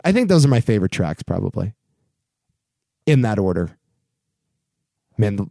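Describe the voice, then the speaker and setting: A young man hosting his own podcast, talking casually and getting worked up into animated rants about pop culture. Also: no room sound, clean studio sound. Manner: animated, ranting, rising pitch when worked up. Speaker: podcast host. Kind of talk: casual solo podcast commentary.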